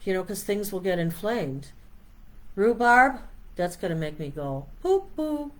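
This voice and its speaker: A middle-aged woman chats her way through a casual live stream. She rambles, reads product labels aloud and drifts between topics, all in an everyday mid-pitched voice. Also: very animated, measured pace. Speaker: meditation host.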